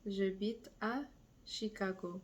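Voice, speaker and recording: Woman teacher going real slow, saying every phrase over a few times for beginners. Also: medium pitch, steady tone. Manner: slow, repeats phrases for learners. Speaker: French teacher. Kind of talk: beginner language lesson.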